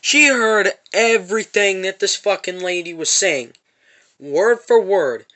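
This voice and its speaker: High-voiced man ranting a storytime. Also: lively intonation, measured pace, bright, forceful tone. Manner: profane, repetitive storytelling. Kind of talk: angry storytime rant. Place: parked van.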